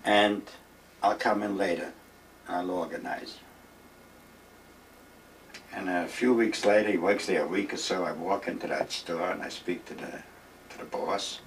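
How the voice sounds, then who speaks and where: A man's voice: low-pitched, a little slow, long pauses, far from the mic, a little hiss or hum, low-quality recording. An older man being interviewed, reminiscing in a rambling, emphatic way and acting out the dialogue of his old stories. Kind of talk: reminiscing storytelling. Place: retirement village home.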